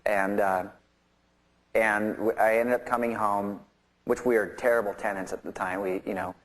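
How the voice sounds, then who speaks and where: A man's voice: on the low side, fairly even intonation, normal speed. A man who plays in a touring rock band, telling a rambling anecdote in an interview, laughing often and acting out the voices of the people in his story. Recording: interview clips with clear background noise.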